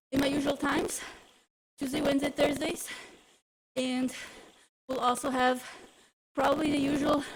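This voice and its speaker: A woman's voice: high-pitched, husky, low-quality recording. A woman coaching a live indoor cycling workout, out of breath, encouraging riders and cueing them through intervals.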